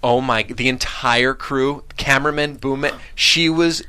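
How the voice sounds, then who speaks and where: A man's voice: mid-range voice, fairly even intonation, unhurried, sharp tone, smooth. A man appearing as a guest actor in a casual panel chat, emphatic and prone to repeating himself.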